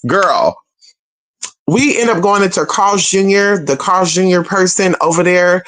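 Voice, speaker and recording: In an unhurried, medium-pitched voice, a young adult streamer recounts a personal story to the audience, animated and profane, frequently addressing them as "y'all" and "girl."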